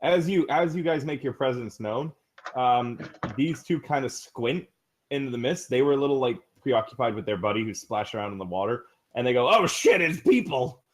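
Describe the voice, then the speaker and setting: A man's voice: mid-range voice, a little fast, darkish tone. A man narrating as game master of a tabletop game, rambling and chuckling.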